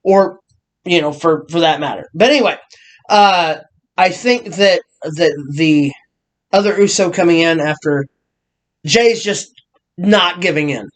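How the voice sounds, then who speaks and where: A man co-hosting a casual wrestling review, excitable and full of halting restarts. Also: a little high. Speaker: podcast co-host.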